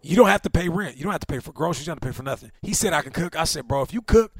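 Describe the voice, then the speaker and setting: A man in his thirties, a former football player, co-hosting a casual chat and telling stories with lively, acted-out quotes. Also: rapid-fire, breathy edge, no room sound, studio quality. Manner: animated storyteller, acts out quotes with big pitch swings. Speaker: podcast co-host, former NFL receiver.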